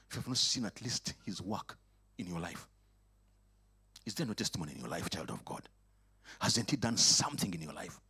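A man preaching a sermon in a church, in a dramatic call-and-response style that moves from soft asides to loud, high exclamations. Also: sing-song, moderate pace, long pauses, slightly rough. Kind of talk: lively sermon. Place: church or worship hall.

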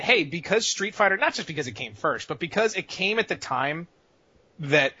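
A man's voice: on the high side, pushed and bright, husky, muffled recording. A man co-hosting a casual podcast chat, rambling with enthusiasm and steering the talk. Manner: rambling, enthusiastic, laughs along.

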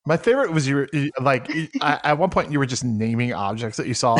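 Brief: male co-host, relaxed banter, cheerful and admiring. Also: medium pitch, fairly quick, slight background noise. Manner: amused, praising. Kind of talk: casual chat.

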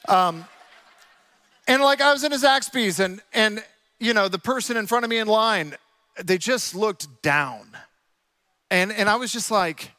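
Man, pastor, sermon, high bright voice, dry close sound. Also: no room sound. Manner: animated, quotes others in lively asides. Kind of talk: sermon with storytelling.

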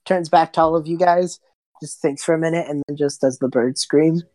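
A woman's voice: low-pitched, fairly even intonation, fairly quick, warm tone, dry recording. A woman narrating a tabletop game as game master, casual and descriptive.

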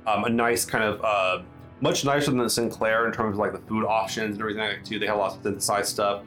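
A man's voice: fairly low pitch, fairly even intonation, quick pace, fairly bright tone, soft background music. A man narrating as game master of a tabletop role-playing game, talking loosely with many fillers and restarts.

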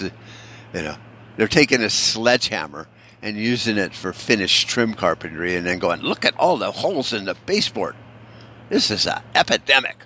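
A man's voice: lowish voice, a bit bright, slight background noise. A man from the United States in a casual, profane rant, rambling and sarcastic, with frequent swearing and restarts.

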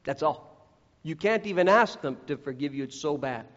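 A high-voiced man preaching an earnest sermon, talking straight to his listeners and acting out the voices he quotes. His voice rings through a large hall with a long echo. The recording is dull and lo-fi. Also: animated, moderate pace, a bit bright. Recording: echoey hall, dull lo-fi sound.

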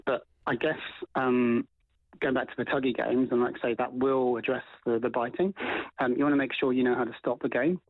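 A man giving dog training advice as a guest on a radio show, animated and full of fillers and restarts. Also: mid-range voice, fairly quick, no echo, narrow, tinny audio.

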